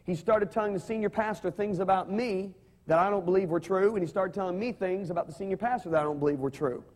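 A man's voice: high-pitched, fast talker, darkish tone. A man preaching a sermon, telling stories animatedly and having the congregation repeat his words. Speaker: pastor.

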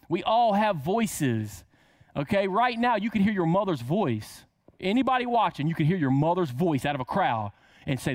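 Man, preacher, casual sermon, rhetorical questions, drawn-out emphasis, dry sound. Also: a little high, animated, no echo.

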